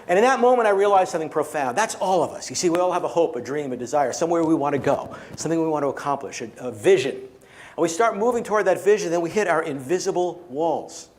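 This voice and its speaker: A man's voice: on the high side, expressive, fairly quick, a little mellow. A man giving a keynote talk with magic to a small gathering, telling stories playfully and leading the audience through participation.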